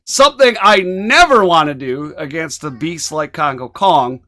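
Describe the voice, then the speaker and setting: A man with a bright, slightly high voice co-hosts a casual wrestling chat. He rambles through match recaps with lots of fillers. His voice sounds dry and close. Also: lively intonation, unhurried, no room sound. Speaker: podcast co-host.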